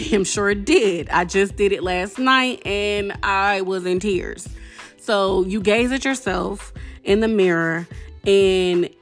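A woman hosting a self-love podcast, talking in a sassy, direct way and calling listeners baby and girl. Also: mid-range voice. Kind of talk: casual podcast talk with affirmations.

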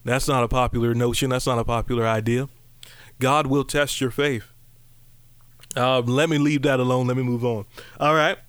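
Animated preacher man, dry close sound. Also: normal speed, long pauses, smooth, dry recording. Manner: animated, with jumps to high exclamations and playful asides. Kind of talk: lively conversational sermon.

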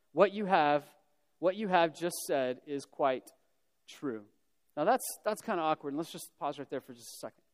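Pastor guy preaching, kinda high voice, chatty jokey storytelling, long hall echo. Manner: conversational storytelling with casual humorous asides. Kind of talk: sermon. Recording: long reverb of a large hall.

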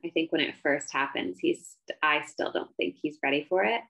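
A woman co-hosting a casual book-discussion podcast, talking in an animated, emphatic way that climbs sharply when she gets worked up. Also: low-pitched, moderate pace, gravelly. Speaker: podcast co-host.

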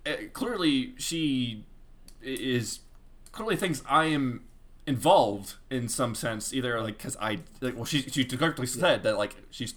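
A young man with a bright, forward tone tells a long story on a casual podcast. He is animated and full of fillers, acting out his own quotes as he goes. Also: mid-range voice, a little slow. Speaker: podcast co-host telling a story.

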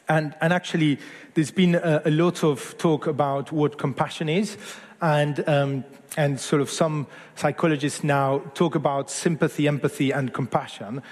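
A man's voice: on the high side, a little mellow, long reverb tail. A man in his forties from Argentina, preaching a sermon in an earnest, conversational way that often corrects itself mid-phrase. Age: 40s.

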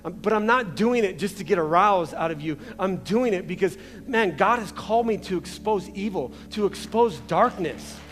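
A man's voice: high voice, expressive, normal speed, few pauses, a bit bright. Man, young adult, pastor, conversational sermon, frequent restarts, long church reverb. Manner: casual, conversational preaching with many restarts. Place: large church hall. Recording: reverberant church hall with faint music.

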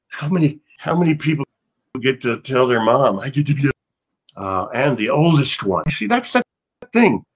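An older man chatting casually as an interview guest. He rambles, trips over his words and restarts, and his voice sits at an ordinary middle pitch. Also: very animated, measured pace, slightly rough. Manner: rambling, restarts often, laughs. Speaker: actor guest.

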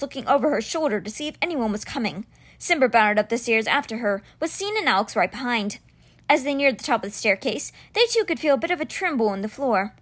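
Woman reading a novel, lively voice. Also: on the high side, brisk. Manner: expressive storybook narration. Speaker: audiobook reader.

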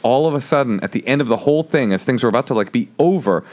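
A man's voice: mid-range voice, lively intonation, fast, darkish tone. A man in his thirties, a comedian telling a rambling story on a podcast, full of fillers and restarts. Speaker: guest comedian.

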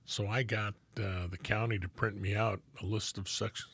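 A man speaking as a podcast guest, a former detective, in a measured, matter-of-fact way. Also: on the low side, flat delivery, creaky, fairly bright tone, slightly rough, no echo. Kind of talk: casual chat.

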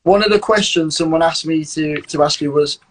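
A man's voice: fairly high pitch, brisk, a bit bright, poor audio. A man hosting a casual interview and reading out listener questions.

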